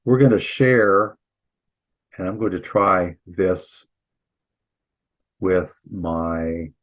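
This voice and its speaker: A man's voice: sits low, very slow, a bit bright, dull audio. A man teaching an online Greek lesson as instructor and pastor, explaining patiently with informal asides. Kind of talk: online lecture.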